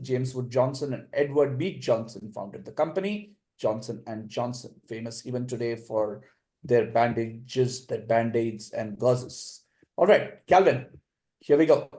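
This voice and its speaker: A measured male quizmaster reads out long trivia questions at a mid pitch, then offers steady, encouraging recaps of the answers. He speaks over what sounds like a video-call mic. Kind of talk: reading quiz questions and commentary.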